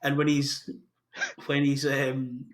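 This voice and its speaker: A man's voice: mid-range voice, monotone, takes it slowly, slight background noise. A man hosting a casual podcast chat, talking enthusiastically about casting with frequent restarts. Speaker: podcast host.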